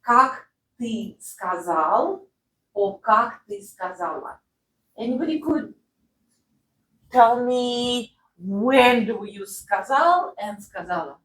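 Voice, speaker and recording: A woman's voice: fairly high pitch, lively intonation, takes it slowly, fairly bright tone, echoey room, recorded from a distance, slight background noise, rough recording. Patient woman teaching Russian phrases. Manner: patient, drills phrases for repetition, checks with "right?". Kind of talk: language lesson.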